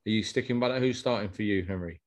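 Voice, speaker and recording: Low-voiced man hosting a fan podcast. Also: fast. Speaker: podcast host. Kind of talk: casual football chat, steering the show.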